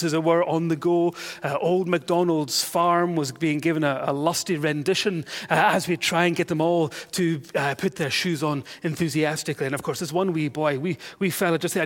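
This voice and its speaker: A Scottish man preaching a sermon, telling a funny story with self-mocking humour and lively exasperation. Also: on the high side.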